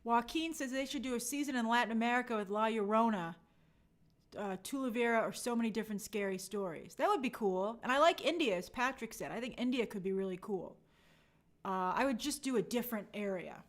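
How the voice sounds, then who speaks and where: A woman's voice: on the high side, a little fast. A young adult woman hosting a casual review show, reading viewer comments aloud and acting out quotes in playful voices. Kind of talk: casual live chat review.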